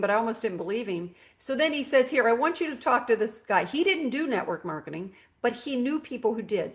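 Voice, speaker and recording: A middle-aged woman gives a personal testimony in an animated, storytelling way. She acts out her own past outbursts as she tells it. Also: a little high. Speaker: guest telling her story.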